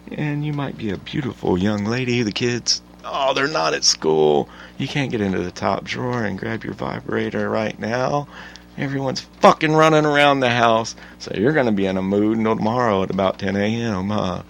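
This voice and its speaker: A man hosting his own podcast, talking in an animated, profane solo rant that swings from mutters to loud outbursts. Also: on the low side, moderate pace, gravelly. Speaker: podcast host.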